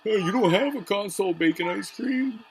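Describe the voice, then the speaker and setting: A man mimicking a squeaky, smug show-off. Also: animated, moderate pace, rough recording. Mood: taunting.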